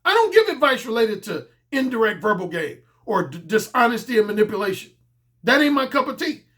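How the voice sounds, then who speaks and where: A man's voice: very high-pitched, big pitch swings, a little fast, fairly bright tone. A man speaking as a dating coach in a blunt, casual monologue, emphatic and profane, often repeating his key points.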